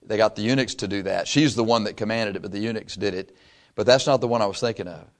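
A pastor teaching scripture conversationally. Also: male voice, medium pitch. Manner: conversational storytelling, asks the congregation questions, chuckles. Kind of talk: Bible teaching sermon.

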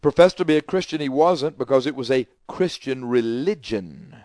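A middle-aged male preacher delivers his sermon with emphatic, repetitive phrasing. He swings from forceful declarations down to quiet asides. His voice sits at an ordinary pitch, and the sound is dry and close. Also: expressive, moderate pace, no room sound.

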